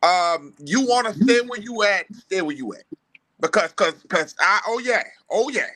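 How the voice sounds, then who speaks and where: A man's voice: high-pitched, animated, normal speed, bright, forceful tone. A man with a New Orleans accent giving sports analysis on a podcast, arguing hard with a string of rhetorical questions. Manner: fired-up, argumentative, rhetorical questions. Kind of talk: casual sports podcast talk.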